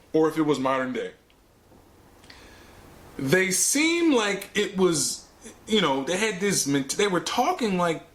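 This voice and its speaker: A man hosting his own show, ranting casually about bad movies in slangy, emphatic talk that repeats words for effect. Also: high voice. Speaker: movie reviewer, show host.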